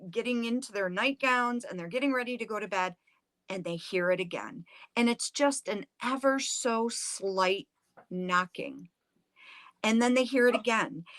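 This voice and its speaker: A woman's voice: medium pitch, no echo. A middle-aged woman, a museum director, telling a historical story with drama and acting out the quotes. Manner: animated, acts out the quotes.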